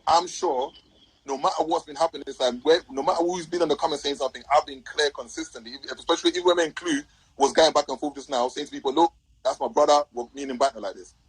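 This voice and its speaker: A man's voice: on the high side, fast, slightly rough, rough recording. A man arguing on a live stream video call, demanding answers and cutting in with repeated questions. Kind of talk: heated live stream argument.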